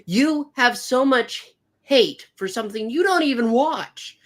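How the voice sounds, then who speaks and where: A woman's voice: on the high side, lively intonation, measured pace. A woman co-hosting a casual TV review show, blunt and scolding toward critics. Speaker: co-host of a show reviewing comics and TV.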